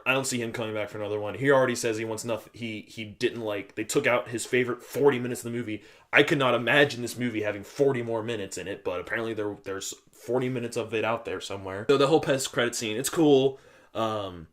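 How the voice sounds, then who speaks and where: A man's voice: medium pitch, fairly bright tone. A young man talking through a film review on his own, in a loose, rambling way full of fillers and acted-out quotes. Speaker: movie reviewer. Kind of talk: casual spoiler review monologue.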